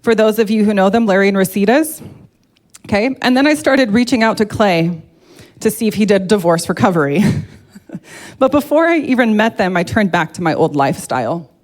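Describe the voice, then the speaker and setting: A woman's voice: medium pitch, expressive, a little fast. A woman giving a heartfelt, emotional personal testimony to a church congregation, speaking openly and earnestly.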